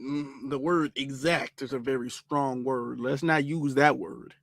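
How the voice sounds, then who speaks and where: A man's voice: medium pitch, steady tone, measured pace, gravelly, noisy background. A man giving casual, emphatic reaction commentary on a clip, talking straight to his viewers.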